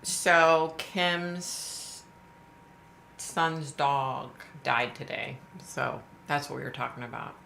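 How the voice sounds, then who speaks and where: A woman's voice: rumbling low, very slow, gravelly, a bit bright. A middle-aged woman, hosting a casual livestream and chatting sympathetically with viewers she greets by name. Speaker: livestream host. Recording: echoey room with faint noise.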